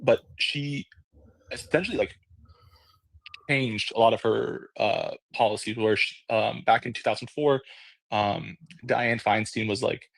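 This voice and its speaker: A man's voice: medium pitch, fairly even intonation, measured pace, creaky, no room sound. A man speaking on an online panel, hesitant and full of fillers and restarts. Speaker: audio room panelist. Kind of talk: casual discussion.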